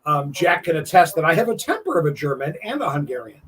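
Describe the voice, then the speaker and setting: High, husky-voiced chatty host man. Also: sing-song, fast, a bit bright. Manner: emphatic, chatty, restarts often. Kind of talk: casual chat.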